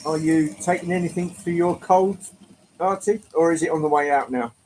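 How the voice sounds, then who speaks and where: Man, English accent, bit of London, live-stream host, casual and chatty, mild swearing, slightly higher voice. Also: normal speed, darkish tone, a little hiss or hum, rough recording. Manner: chatty, greets viewers by name, swears lightly, laughs often. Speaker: livestream host.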